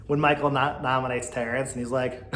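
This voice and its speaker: A man's voice: medium pitch, level tone, a little fast, a bit bright, roomy sound, slight background noise. A man hosting a podcast, giving blunt, exasperated commentary and laughing often. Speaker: podcast host. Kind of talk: casual opinion commentary.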